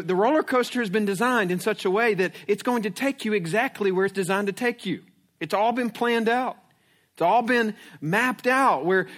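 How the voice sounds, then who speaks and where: Pastor guy preaching, kinda high voice, tells a story, keeps asking right?. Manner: animated storytelling, frequent "right?" check-ins and restarts. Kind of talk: sermon with personal story and scripture reading.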